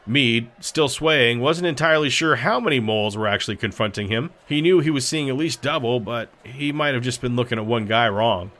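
A man reading a novel aloud as narrator, in a measured storytelling manner. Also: medium pitch, fairly bright tone. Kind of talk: audiobook narration.

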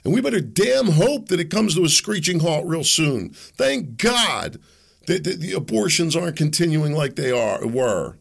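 A man's voice: on the high side, very animated, moderate pace, gravelly, slightly rough. A man from the United States hosting a podcast of impassioned political commentary, fervent and preachy, firing rhetorical questions and repeating words when heated. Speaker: podcast host.

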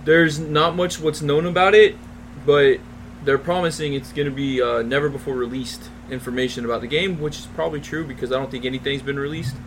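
A man's voice: fairly high pitch, fairly even intonation, a little fast, a bit bright, poor audio. Eager male co-host with room hum. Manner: eager, enthusiastic. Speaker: podcast co-host reading gaming news. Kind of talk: casual podcast chat.

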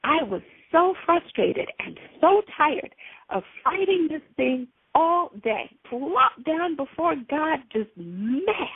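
A woman's voice: sits high, slow pace, no echo, phone-quality sound. A woman hosting a spiritual podcast, retelling a personal story dramatically and acting out the voices. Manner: animated, dramatic retelling with acted quotes. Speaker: podcast host.

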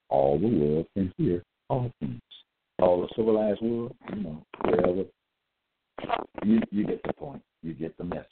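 A man's voice: low voice, creaky, a little hiss or hum. A man giving a solo lecture, reading out verses, repeating his points and asking listeners whether they got it. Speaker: self-styled preacher. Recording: tinny phone-like audio.

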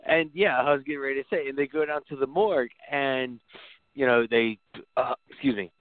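A man's voice: medium pitch, fairly even intonation, fairly quick, no room sound. A man chats loosely about a horror film, chuckling between thoughts. The sound is dry and tight with no room around it, and the band is narrow like a phone call. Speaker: podcast co-host. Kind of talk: casual film discussion.

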